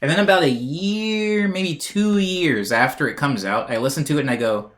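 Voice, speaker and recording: A man's voice: a little high, moderate pace, hardly any pauses, a bit bright. A man chatting casually on a live music stream, rambling and self-deprecating as he reads out chat messages.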